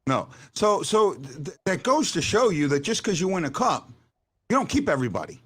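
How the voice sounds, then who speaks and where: A man hosting a casual sports fan show, talking in an animated way and stumbling over repeated words as he makes his points. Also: high voice, moderate pace, slightly rough. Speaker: host.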